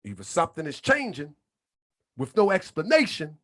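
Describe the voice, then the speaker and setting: A man hosting his channel, preaching in a fiery monologue with shouted, repeated lines and colloquial talk, a little under the weather. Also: on the high side, huge pitch swings, moderate pace. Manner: colloquial, drops into muttered asides. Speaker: channel host.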